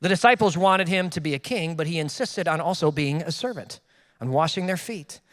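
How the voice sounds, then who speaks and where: A man preaching a sermon as a pastor, with sudden loud emphases and self-deprecating asides. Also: a little high, animated, fairly quick, big-room sound.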